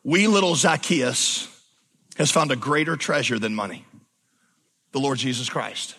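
A man preaching a sermon in a church, dropping to a slow hush for emphasis, then rising to loud exclamations. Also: mid-range voice, husky. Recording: long hall reverb.

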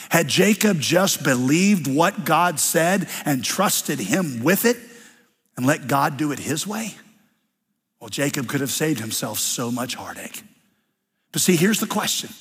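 Husky pastor in a reverberant hall. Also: male voice, fairly high pitch. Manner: conversational, wry storytelling. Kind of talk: sermon.

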